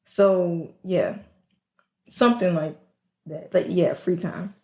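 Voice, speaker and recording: A woman's voice: fairly low pitch, takes it slowly. New woman in echoey chat. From New Orleans. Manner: chatty, relaxed, filler-heavy. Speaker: podcast co-host. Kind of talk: casual chat. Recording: roomy echo.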